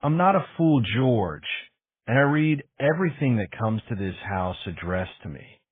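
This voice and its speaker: Man doing a bossy elderly aristocrat lady, brisk, commanding, lively pitch, tinny phone-like sound. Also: husky, no room sound. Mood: indignant. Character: imperious elderly aristocratic woman birdwatcher.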